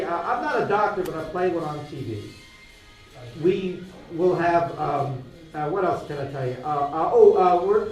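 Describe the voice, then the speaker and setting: A man doing a rambling comic bit as a doctor, halting and full of stops and restarts. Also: high voice. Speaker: guest playing a doctor. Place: small studio. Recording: echoey room from far off, music behind.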